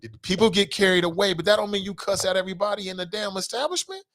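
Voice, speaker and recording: A man's voice: high voice, quick pace, a bit bright. A man hosting a casual morning talk show, speaking off the cuff, often laughing and slipping into quoted voices. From Cincinnati area.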